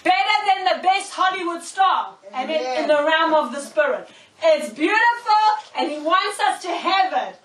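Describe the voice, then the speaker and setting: A woman preacher giving a sermon, telling stories in an animated way, often laughing and checking in with "okay?". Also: very high voice, normal speed. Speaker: preacher, prophetess. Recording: echoey room, mic far off.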